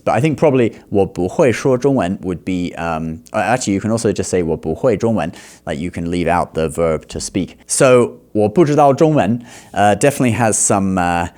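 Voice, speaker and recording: A man teaching Chinese in reaction commentary. He explains patiently, slows down to model words and often checks in with "okay?". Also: low-pitched, a little mellow. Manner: explanatory, repeats words slowly to demonstrate; frequent laughs and checking "okay?".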